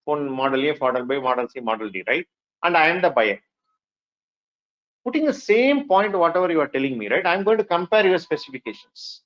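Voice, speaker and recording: A man with an Indian English accent giving a lively classroom lecture, often asking the students "right?" and whether they agree. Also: a little high, fairly quick, lo-fi sound. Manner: lively, mixes in Hindi phrases. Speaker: workshop instructor.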